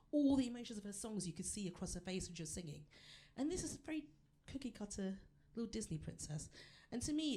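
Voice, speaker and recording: A woman, working a live theatre crowd in a stand-up set. She is chatty and self-deprecating, and talks straight to the audience in a middle-pitched voice. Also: a little mellow. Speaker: stand-up comedian.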